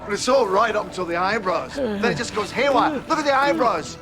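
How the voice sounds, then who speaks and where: An actor with a Scottish accent playing a cranky, eccentric alien hero who rambles theatrically in a television drama. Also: male voice, high-pitched, expressive, a little fast, over music. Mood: grumpy musing. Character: newly changed eccentric male alien hero, middle-aged, cranky. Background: dramatic score.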